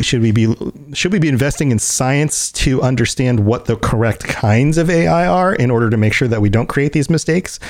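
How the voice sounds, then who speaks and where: A man's voice: medium pitch, no room sound, studio quality. A man hosting a podcast in casual chat, rambling and laughing easily as he talks. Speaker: podcast host.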